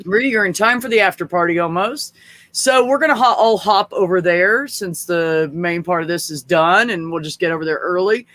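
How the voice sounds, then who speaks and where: High-voiced, profane livestream host. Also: male voice, moderate pace, bright, forceful tone, no room sound. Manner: frank, profane, rambling with fillers. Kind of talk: casual chat.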